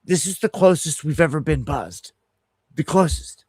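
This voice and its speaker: A middle-aged man hosting a casual livestream, telling a story in an animated, heated way and restarting his sentences often. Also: on the high side, moderate pace, breathy edge, no room sound. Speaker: host of an independent news livestream.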